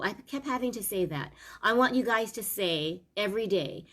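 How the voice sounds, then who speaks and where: A woman's voice: medium pitch, a bit bright. A middle-aged woman on a live stream, coaching parents in an earnest, emotional, confiding way, with many fillers and restarts. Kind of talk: live-streamed heartfelt talk. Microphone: live stream from home camera.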